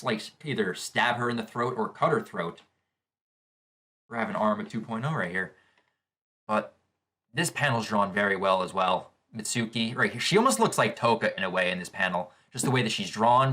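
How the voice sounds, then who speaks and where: A man hosting a casual live reaction to a manga chapter, gushing with excitable exclamations as he reads along. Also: on the low side. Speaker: manga reaction channel host.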